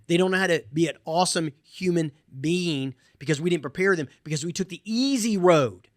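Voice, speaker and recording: A man hosts a podcast and talks through advice in a loose, animated way, leaning on "right?" and "man". His voice sits a little high for a man. The sound is dry and close, with almost no room around it. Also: brisk, dry recording. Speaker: podcast host. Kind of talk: casual advice talk.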